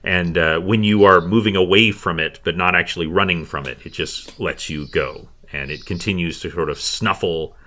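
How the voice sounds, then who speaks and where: A man's voice: deep voice, moderate pace, few pauses, bright, forceful tone, a little hiss or hum. A man narrating as game master of a tabletop fantasy game, with many hesitations and fillers.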